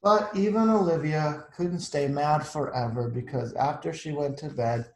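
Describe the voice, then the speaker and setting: A man's voice: mid-range voice, animated, moderate pace, echoey room, rough recording. A man reading a picture book aloud to children, chatting about the pictures as he goes. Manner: chatty, adds asides to the pictures. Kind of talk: storytime read-aloud.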